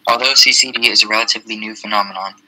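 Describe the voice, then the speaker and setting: A man's voice: lowish voice, steady tone, racing, sharp tone. A male student reading test passages aloud carefully over a video call. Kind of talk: reading aloud in a tutoring session. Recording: noisy online call audio.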